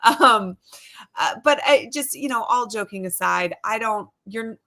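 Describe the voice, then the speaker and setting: A woman's voice: a little high, lively intonation, unhurried, bright, forceful tone. A woman hosting a sports talk show, chatting casually on a video call with frequent asides and restarts. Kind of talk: casual panel discussion.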